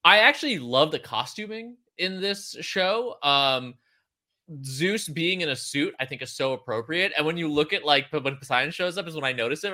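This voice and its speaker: Bright-voiced, enthusiastic male podcast host. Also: fairly high pitch, lively intonation, moderate pace. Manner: enthusiastic, rambling, filler-heavy. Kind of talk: casual podcast chat.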